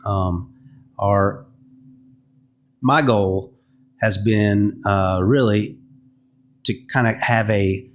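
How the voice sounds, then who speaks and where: A man's voice: lowish voice, extremely slow, pauses often. A man, a music publisher, giving a podcast interview and telling candid stories, acting out what people said to him. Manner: candid storytelling, acts out quoted dialogue.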